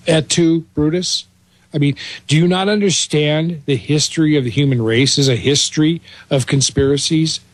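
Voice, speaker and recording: A man's voice: fairly high pitch, expressive, normal speed. A man co-hosting a talk radio show, speaking in a chatty, rambling way with lots of fillers. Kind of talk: casual talk radio chat.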